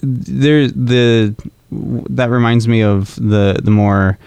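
A man's voice: medium pitch, fairly even intonation, slow, creaky, darkish tone, clean tone, no echo. A man in a casual podcast discussion, thinking aloud with hesitant restarts and frequent agreement. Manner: hesitant, searching for words, agreeable.

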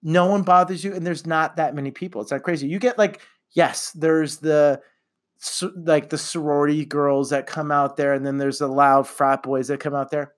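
Animated, swearing middle-aged man. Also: a little high. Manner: animated, swearing, quick to laugh. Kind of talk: casual chat.

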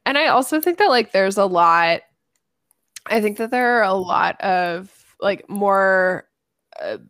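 A woman's voice: mid-range voice, expressive, a little slow, a bit bright, no room sound, clean studio sound. A woman co-hosting a casual podcast chat, reading verses aloud and speaking frankly. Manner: reads scripture aloud, candid and swears casually. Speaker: podcast co-host.

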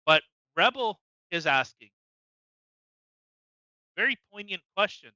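A man's voice: high-pitched, big pitch swings, takes it slowly, long pauses, sharp tone, no room sound, muffled recording. A man co-hosting a podcast, ranting in a heated, profane way with many stammered restarts. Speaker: podcast co-host. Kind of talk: casual political rant.

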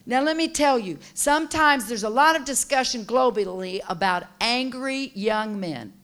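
Woman preacher, high bright voice, slow deliberate delivery, works up to shouting. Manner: builds from calm teaching to shouted passionate preaching; call-and-response with congregation. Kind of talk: sermon.

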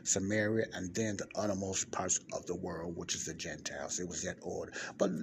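Low-voiced man teaching the Bible at a library. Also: fairly even intonation, a little fast, vocal fry. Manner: digresses often, repeats points, checks in with listeners with "okay?". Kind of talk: informal Bible teaching, reading and explaining. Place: public library area with passing cars. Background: faint ambient noise.

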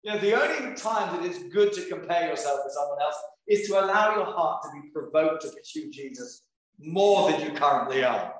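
Male pastor with a high voice, slow deliberate scripture reading and chatty asides, recorded in a very echoey room. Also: lively intonation. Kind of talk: sermon.

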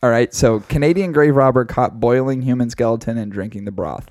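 A man co-hosting a podcast, telling a story in casual, profane, animated chat. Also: medium pitch, a little fast, no room sound, clean studio sound. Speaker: podcast co-host.

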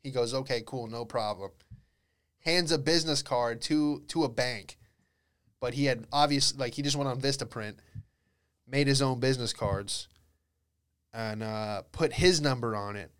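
A man's voice: medium pitch, unhurried, a bit bright, clear, resonant tone. A young man hosting a podcast, telling rambling comedic stories in a laid-back way and acting out voices. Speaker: podcast host. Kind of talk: casual comedic monologue.

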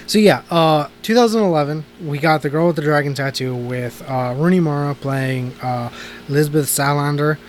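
A man with a fairly high voice talks through a movie review in a loose, casual way. He rambles, restarts his sentences and leans on fillers. A faint hum of noise sits behind him. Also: moderate pace. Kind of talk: casual chat.

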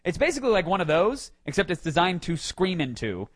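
Podcast host, male, higher register, animated comic storyteller. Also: brisk, slightly rough. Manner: animated, swings loud and quiet. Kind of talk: casual comedic storytelling.

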